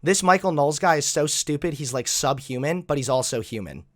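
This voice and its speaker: A man's voice: on the high side, animated, brisk, fairly bright tone, no echo, studio quality. A man giving sarcastic, exasperated commentary while reacting to clips.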